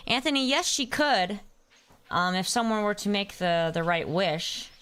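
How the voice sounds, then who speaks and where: A woman's voice: mid-range voice, lively intonation, measured pace, fairly bright tone, clear, resonant tone. Chatty young woman streamer. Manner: chatty and easily distracted, answering chat by name; playful, hums nonsense sounds while playing. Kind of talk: casual live-stream chat while gaming.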